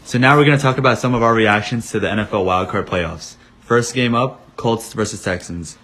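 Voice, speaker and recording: A man's voice: fairly low pitch, a little fast, fairly bright tone. A man in casual sports podcast chat, adding short, laid-back comments.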